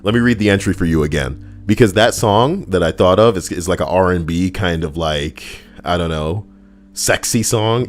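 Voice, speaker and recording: Brief: male streamer, young, reads stories and riffs with crude humor, deeper voice. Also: normal speed. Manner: animated, profane, jokey asides. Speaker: streamer reading viewer stories. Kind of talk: livestream reading with comic riffing.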